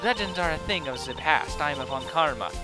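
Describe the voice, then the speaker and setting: A cold, arrogant young woman prosecutor speaks clipped and haughty in a vague European accent, as a man puts her on. The voice sits a little high for a man. Game music plays clearly behind. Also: animated, fast talker, natural voice. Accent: vague put-on European accent. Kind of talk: video game voice-over.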